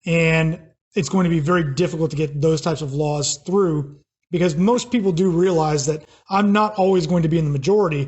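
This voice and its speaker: A man's voice: fairly high pitch, fairly quick, a little mellow, breathy edge. An American man giving a recorded class lecture, explaining plainly with fillers and restarts. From United States. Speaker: teacher.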